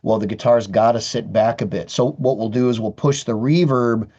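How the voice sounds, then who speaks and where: A man's voice: medium pitch, fairly even intonation, moderate pace, a little mellow, muffled recording. A man, a guitarist guest in a casual interview, talking candidly with frequent restarts and swearing. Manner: candid, profane, many restarts.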